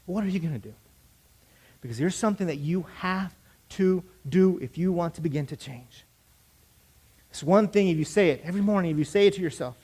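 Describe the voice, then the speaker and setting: A young pastor with a high, light man's voice, preaching to his congregation. He swells to emphatic, declarative peaks and calls on the room to repeat lines after him. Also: a little fast, long pauses, a little mellow, breathy edge. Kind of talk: sermon.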